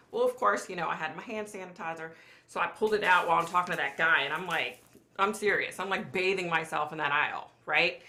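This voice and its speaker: A woman's voice: mid-range voice, sharp tone. A woman with a cold telling a story on a casual live stream, chatty and exasperated, talking straight to her viewers and swearing casually. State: has a cold. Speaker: live show host.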